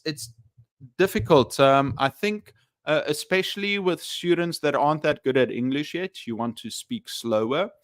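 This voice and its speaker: Male English teacher chatting on a live stream; hesitant, lots of fillers, smooth tone. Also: mid-range voice, no echo, clean studio sound. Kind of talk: casual live stream chat.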